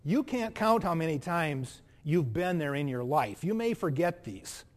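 Earnest high-voiced preacher in reverberant hall. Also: male voice, sing-song, measured pace. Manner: earnest, swings between loud emphasis and hushed soft passages. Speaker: pastor. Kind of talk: sermon. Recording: long reverb of a large hall.

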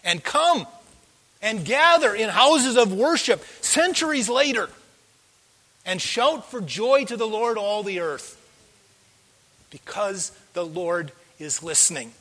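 A man preaching a sermon as pastor, telling the story with animated delivery and acting out the voices in it. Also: sits high, takes it slowly, pauses often. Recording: long hall reverb.

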